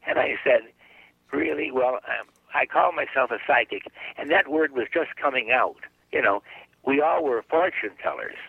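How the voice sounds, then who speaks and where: The guest psychic, an older man, relates a long story during a radio interview, chatty and anecdotal, performing each bit of dialogue himself. His medium-pitched voice is husky with vocal fry, lively in intonation, and moderately paced. It arrives dry over a narrow, phone-like connection.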